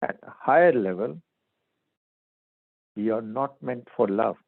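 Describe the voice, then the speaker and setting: A man's voice: on the low side, lively intonation, a little slow, creaky, no room sound. A man giving a spiritual talk as a teacher, speaking in short, broken phrases. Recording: dry phone-like line.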